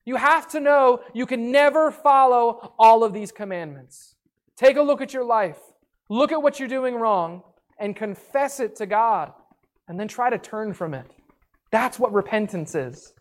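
A woman preaching a sermon in an earnest way, reading scripture aloud. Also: sits high. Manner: earnest, reads scripture aloud, acts out listeners' voices.

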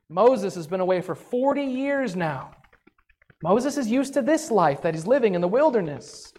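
Brief: male preacher, animated storyteller who acts out the scene. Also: very high-pitched. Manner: animated storytelling with acted asides. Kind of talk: sermon.

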